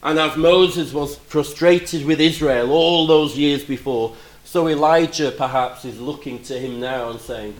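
A man preaching a sermon, animated, moving between loud emphatic lines and quiet, reflective asides. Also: fairly high pitch, a little slow, hardly any pauses, reverberant, low-quality recording.

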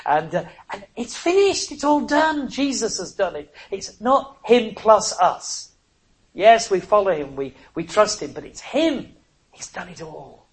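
Preacher, pleading then booming. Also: animated, moderate pace, low-quality recording. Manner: swings from soft pleading to loud exclamations, chuckles often. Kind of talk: sermon.

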